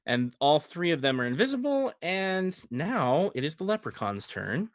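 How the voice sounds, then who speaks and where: A man running a tabletop game as game master, narrating with animated, chuckling energy and frequent hesitations. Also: a little high, normal speed, no room sound.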